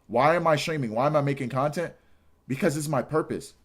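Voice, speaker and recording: A young man ranting on his livestream, exasperated and animated, repeating himself and shouting in disbelief. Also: a little high, a little fast. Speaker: streamer. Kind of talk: casual livestream rant.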